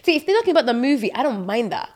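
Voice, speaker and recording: A young woman, co-hosting a podcast and telling stories in an animated, playful way. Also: a little high, racing. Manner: animated storytelling, playful and defensive. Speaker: podcast co-host. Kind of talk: casual chat.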